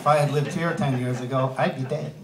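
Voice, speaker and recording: A man performs a punchy, wry stand-up set, tossing asides to the crowd amid audience laughter. His mid-range voice is steady and fairly quick, and the live club recording sounds roomy, with the mic heard from a distance.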